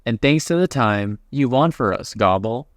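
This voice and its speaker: A scheming ram-headed demon in a suit speaks calmly and smoothly, as a man reads him. The sound is dry and close. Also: medium pitch, moderate pace, dry recording, lightly acted. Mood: composed.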